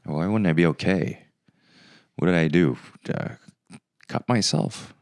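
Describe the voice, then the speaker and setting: A man's voice: deep voice, measured pace, gravelly, a little mellow, no room sound. A man hosting his own comedy podcast, rambling in a sarcastic, mock-arrogant way. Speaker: podcast host. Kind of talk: casual comedic monologue.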